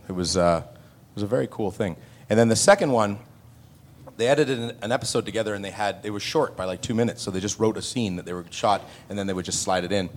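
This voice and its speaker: A man's voice: fairly low pitch, slight background noise. A man on a convention panel telling anecdotes, acting out other people's voices as he goes. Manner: animated anecdotes with acted-out voices. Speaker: panel guest actor.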